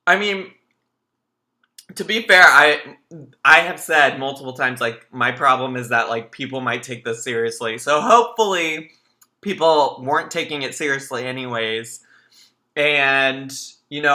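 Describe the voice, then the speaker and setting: A man hosting a livestream, chatting casually and telling stories animatedly to his viewers. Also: mid-range voice. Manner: chatty, animated storytelling, addresses viewers as y'all. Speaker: livestream host. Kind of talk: casual reaction commentary.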